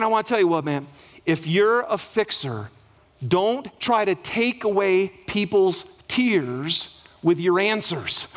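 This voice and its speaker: A male pastor preaching a sermon to a congregation, animated, acting out dialogue and asking the room for responses. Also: sits high.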